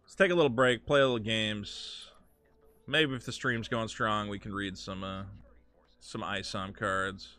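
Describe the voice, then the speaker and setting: A man's voice: on the low side, fairly even intonation, measured pace, sharp tone. A man hosting a live game stream, ranting with profane, sarcastic commentary from his home setup. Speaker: streamer host.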